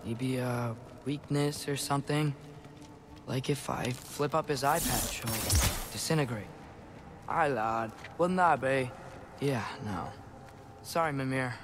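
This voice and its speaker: A man's voice: medium pitch, slow pace, noisy background, natural voice. A man voicing an earnest teenage game hero. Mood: playful. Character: earnest teenage boy hero, eager and determined. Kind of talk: video game cutscene acting.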